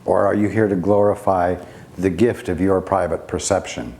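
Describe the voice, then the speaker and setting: A man giving a spiritual teaching talk, speaking deliberately with long pauses and rhetorical questions. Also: low-pitched, fairly even intonation, creaky, a little mellow.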